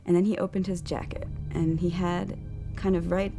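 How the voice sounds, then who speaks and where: A young woman telling the story of her kidnapping in a documentary interview, halting and earnest, with many restarts. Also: on the low side, level tone, vocal fry. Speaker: survivor recounting a crime. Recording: music bed under the voice.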